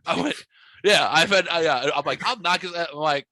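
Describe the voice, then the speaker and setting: A man hosting a podcast, telling a story in a boisterous, profane, animated way. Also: fairly high pitch, brisk, no room sound. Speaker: podcast host. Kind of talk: casual storytelling chat. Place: podcast studio.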